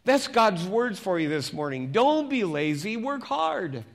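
A man preaching as a pastor, reading scripture slowly and turning to the congregation with conversational questions. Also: sits high, big pitch swings, gravelly. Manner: reads scripture slowly and deliberately.

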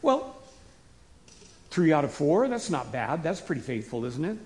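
A man delivers a casual, folksy sermon with a fairly high voice. His voice rings out with a long reverb in a church sanctuary. He jumps to loud emphatic bursts, then falls back to soft asides. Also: sing-song, a little slow. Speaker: pastor. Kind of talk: conversational sermon.

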